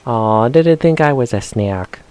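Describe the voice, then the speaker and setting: A man's voice: mid-range voice, animated, unhurried, a little mellow, clear, resonant tone. Playful man streaming a game. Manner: chatty and playful, reads game text aloud in put-on voices. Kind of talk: casual live-stream commentary.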